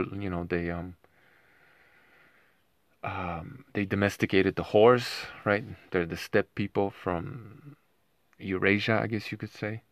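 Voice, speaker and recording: Man, very low voice, dry close sound, rambling monologue. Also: gravelly, a bit bright, dry recording. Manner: rambling, keeps asking "right?". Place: home with dogs nearby.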